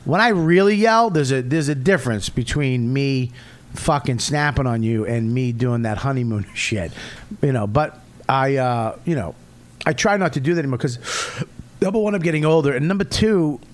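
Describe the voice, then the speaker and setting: A middle-aged man from Boston with a Boston accent, a comedian guest telling profane, animated stories in casual podcast chat. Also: medium pitch, moderate pace. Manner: profane, animated storytelling with acted-out quotes.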